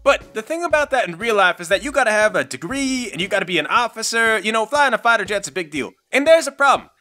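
A woman's voice: a little high, animated, fast, sharp tone, soft background music. A woman giving casual spoken commentary, rambling and sardonic as she spins a story. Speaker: video commentator.

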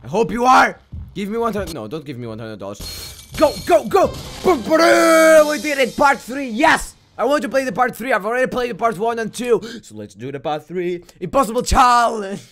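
Excitable high-voiced gamer man. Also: brisk. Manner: loud, shouty, swears a lot, jokey. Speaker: gaming YouTuber. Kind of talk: excitable gameplay commentary.

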